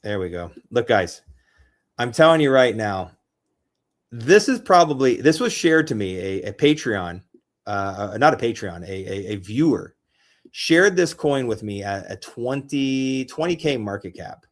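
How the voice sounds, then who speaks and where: Young adult male, crypto livestream host; casual, excitable, repetitive, loose delivery. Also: medium pitch, unhurried. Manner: rambling, excitable, repeats himself. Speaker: crypto streamer.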